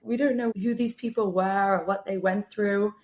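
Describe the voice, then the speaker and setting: A woman's voice: mid-range voice, fairly even intonation, moderate pace, darkish tone. A woman talking as a guest on a podcast, chatty and full of filler words. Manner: chatty, heavy use of "like". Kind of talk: casual podcast interview.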